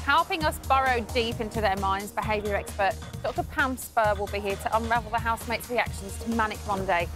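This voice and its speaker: A woman's voice: medium pitch, a little fast, hardly any pauses. A woman co-hosting a live studio talk show in a playful, sing-song way, with music and a crowd behind. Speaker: co-host. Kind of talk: lively live studio presenting. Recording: studio with music and audience noise.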